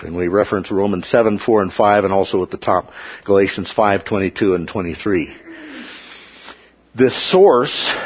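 A man teaching a Bible study lecture in a plain, measured way, often checking in with his listeners. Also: medium pitch, slightly rough. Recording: dull lo-fi recording.

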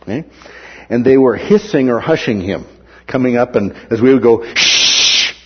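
A man's voice: mid-range voice, normal speed, slightly rough, highs cut off. A man preaching a sermon who acts out the words of the people in the story. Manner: animated, acts out the characters' words.

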